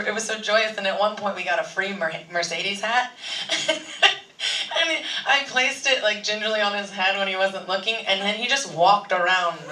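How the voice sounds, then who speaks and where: A woman on a convention panel spins an animated story, laughing between lines. Her voice is bright and forward. It reaches the mic from a distance in a big echoing hall with faint hum behind. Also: medium pitch. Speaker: film actor on a convention panel. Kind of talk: casual anecdote telling. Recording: echoey hall, voice from far off.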